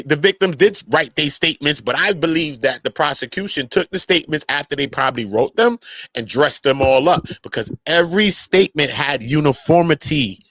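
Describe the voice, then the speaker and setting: A man giving casual online commentary, animated and slangy, often breaking into mocking impressions. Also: a little high, dry recording.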